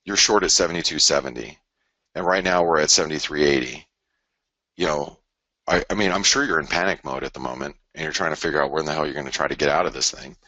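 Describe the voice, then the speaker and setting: A man's voice: fast talker, pushed and bright, no room sound. A man commenting live on currency charts in a rambling, repetitive way, often mock-quoting traders. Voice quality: very deep voice. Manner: rambling, repeats himself, mock-quotes traders. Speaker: market commentator. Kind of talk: live trading broadcast.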